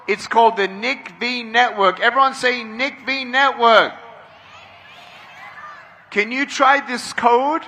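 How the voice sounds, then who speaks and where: A middle-aged man giving a motivational speech to a large crowd at an outdoor event, leading call-and-response and often shouting. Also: high-pitched, slight background noise. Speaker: motivational speaker.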